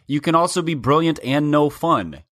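A man's voice: a little high, normal speed, dry recording, clean studio sound. A man co-hosting a casual podcast, chatting and reading a sponsor promo. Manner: chatty, animated, breaks into relaxed ad reads. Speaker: podcast co-host.

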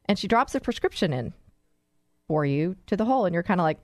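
A woman's voice: lowish voice, brisk, no echo, clean studio sound. A woman hosting a talk show, addressing listeners in an enthusiastic, storytelling way. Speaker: host.

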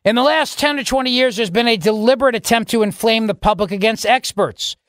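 A man's voice: very high voice, a little fast, a bit bright, no room sound, studio quality. A man hosting a talk radio show, delivering a sarcastic, opinionated monologue and acting out mock dialogues.

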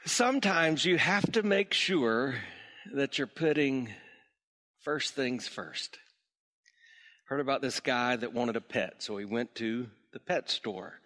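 A senior pastor preaching a sermon to his congregation, telling a joke story in an animated way. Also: mid-range voice, slow pace, in a large hall. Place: church sanctuary.

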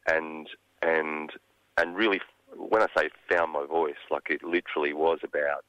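A man's voice: rumbling low, little pitch movement, bright, forceful tone, no echo, lo-fi sound. An Australian man from the country, a songwriter speaking thoughtfully in a radio interview, with frequent restarts. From Gippsland, Australia. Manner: thoughtful, halting with many restarts. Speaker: songwriter guest.

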